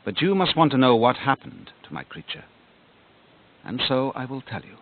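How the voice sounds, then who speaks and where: A man narrating a storybook on cassette, dramatic, sinking to a hush at the quiet moments. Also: medium pitch, animated, normal speed. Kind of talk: cassette audiobook reading. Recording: tinny lo-fi cassette with music.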